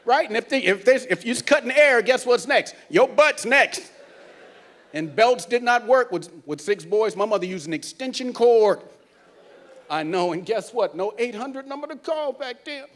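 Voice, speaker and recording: A man doing a stand-up comedy set on a cruise ship theater stage, telling stories in an animated way and acting out family scenes. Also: very high-pitched, moderate pace.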